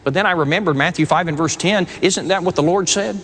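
Earnest preacher guy, kinda high voice, repeats little words, big echoey church hall sound. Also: expressive, a little fast, few pauses, a bit bright. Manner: earnest, conversational, repeats words when starting phrases. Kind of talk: sermon. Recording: long hall reverb.

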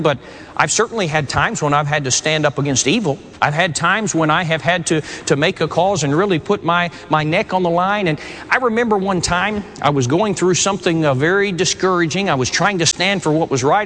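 A man's voice: high voice, fairly bright tone, in a large hall. A man preaching a sermon, retelling a scripture story in an earnest way and often repeating words as he starts a phrase.

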